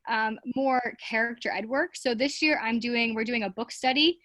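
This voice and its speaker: A woman teacher talks casually and at length, dotting her speech with fillers and acting out little voices from her class. Her voice sits fairly high. It is recorded dry and close, with no room around it. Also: moderate pace, fairly bright tone, dry recording. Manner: chatty, many fillers, acts out classroom voices. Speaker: teacher guest. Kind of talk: casual interview chat.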